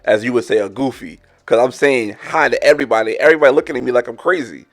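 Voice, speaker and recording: A man from Long Island, co-hosting a casual podcast and telling stories with lively quoted dialogue. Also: quick pace. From New York, Long Island. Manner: animated, acts out quoted dialogue with big pitch jumps. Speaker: podcast co-host. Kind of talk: casual storytelling chat.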